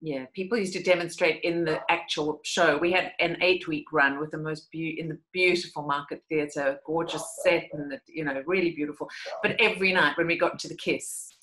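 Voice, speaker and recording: A woman's voice: deep voice, brisk, few pauses, rough recording. A middle-aged woman with a South African accent, telling stories animatedly as an interview guest. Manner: animated storytelling, laughs often. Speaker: guest, actress and cabaret artist. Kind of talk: conversational interview.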